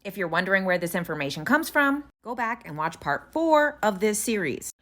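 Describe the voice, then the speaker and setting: A woman's voice: medium pitch, big pitch swings, moderate pace, fairly bright tone. A woman hosting a casual storytelling vlog, chatty and enthusiastic, with some swearing. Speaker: host.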